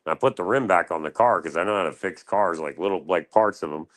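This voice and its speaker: On a livestream panel, a man from Florida, USA, tells crude, heavily profane stories casually, jumping into a raised voice to act out what others said. His voice sits low and he talks fast.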